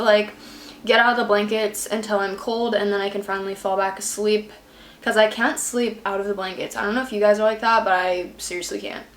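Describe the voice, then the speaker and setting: Filmed up close on a camera beneath a ring light, a young woman gives a rambling, filler-heavy pregnancy update from home with a slightly stuffy nose. Her voice is medium in pitch and fairly bright, with reverb and a little hiss or hum in the audio.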